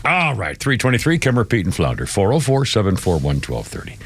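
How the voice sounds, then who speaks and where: A man's voice: on the low side, huge pitch swings, a little fast. A man hosting a live radio talk show, rambling and irreverent with blunt asides. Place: radio studio.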